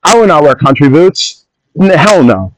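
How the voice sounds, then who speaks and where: A man's voice: on the high side, very animated, normal speed, a little hiss or hum, low-quality recording. Rambling, ranting man on a phone mic. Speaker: solo podcaster. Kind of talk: casual rambling monologue.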